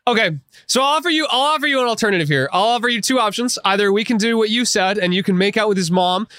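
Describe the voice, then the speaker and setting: A man's voice: high voice, quick pace, pushed and bright, no echo, clean studio sound. A young man running a tabletop horror game as game master, hesitant and full of fillers, breaking into laughter.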